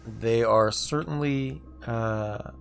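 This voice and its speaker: A man in a mid-range voice talks through his game on a casual livestream, musing aloud and laughing now and then. His voice has a gravelly, creaky edge, and game music plays faintly behind him. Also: mid-range voice, takes it slowly. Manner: chatty, laughing, musing aloud while playing. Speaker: streamer. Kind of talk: casual gameplay livestream chat.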